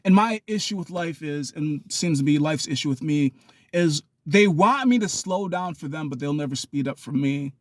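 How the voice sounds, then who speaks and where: A young man talking in a rambling, animated vlog monologue, now and then acting out other people with sudden loud high yells. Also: normal speed, dry recording, clean studio sound. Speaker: vlogger.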